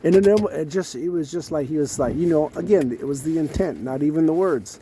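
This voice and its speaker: A man's voice: fairly high pitch, mellow, a little hiss or hum. Rambling, profane man telling a story. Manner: rambling, profane, halting with fillers. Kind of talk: casual storytelling vlog.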